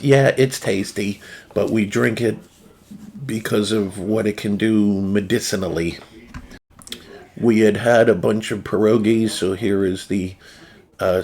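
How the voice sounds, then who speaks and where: A man with a New Jersey accent hosting a casual chat, rambling loosely through food photos with lots of fillers and restarts. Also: fairly low pitch. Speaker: channel host.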